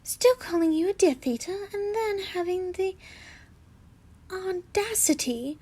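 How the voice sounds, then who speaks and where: A hotheaded young man seethes and snarls in a read-aloud story, as a woman reader voices him. The delivery is slow and drawn out. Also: very high voice, expressive, darkish tone, whispered, voice pushed up, exaggerated voice. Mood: furious.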